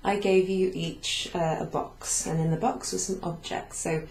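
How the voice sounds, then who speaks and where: A steady, darkish, somewhat low female voice takes her time recapping a beginner Italian lesson in a classroom-like room. She patiently repeats phrases and writes on the whiteboard, at times turning away. The recording is echoey with a faint background hum.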